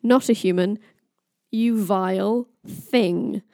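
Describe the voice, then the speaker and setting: A woman's voice: mid-range voice, slow, creaky, warm tone, no echo, studio quality. A woman doing a hot-tempered thunder god. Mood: angry. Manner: blunt, threatening.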